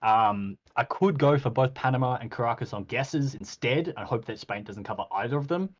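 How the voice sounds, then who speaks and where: A man's voice: medium pitch, normal speed, dull audio. Chatty man recapping with acted-out quotes. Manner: animated storytelling, acts out quoted exchanges, frequent ums. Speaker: podcast host reviewing a game. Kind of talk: casual game recap chat.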